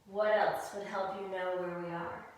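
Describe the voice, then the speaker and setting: A woman voicing a calm, knowing cow in a kids' storybook, speaking slowly and reassuringly, recorded far from the mic in a very echoey room. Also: medium pitch, close to an everyday voice. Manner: slow, reassuring, teasing.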